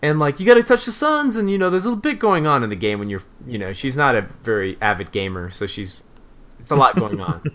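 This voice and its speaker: A man in his thirties hosting a casual parenting podcast, telling a funny story with lots of swearing and squealing high when he mimics his scared child. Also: very animated, fast talker, pushed and bright. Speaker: podcast co-host.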